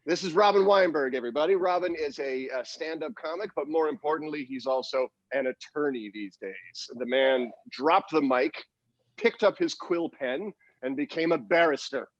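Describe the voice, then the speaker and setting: A man in his forties co-hosting a podcast, joking in a playful, animated way over a video call. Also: fairly high pitch, normal speed, no echo, highs cut off. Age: 40s. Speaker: podcast co-host. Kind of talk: casual chat.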